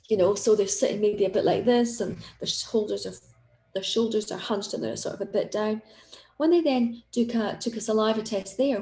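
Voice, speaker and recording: Encouraging woman coach, mellow voice. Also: medium pitch, roomy sound. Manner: encouraging, conversational with frequent restarts. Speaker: executive coach. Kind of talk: online coaching talk.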